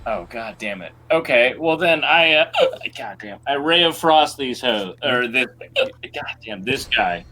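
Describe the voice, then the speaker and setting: A man playing in a tabletop game over a call. He is hiccuping, swears a lot and talks in halting, distracted bits. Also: medium pitch, animated, sharp tone, soft background music. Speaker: player.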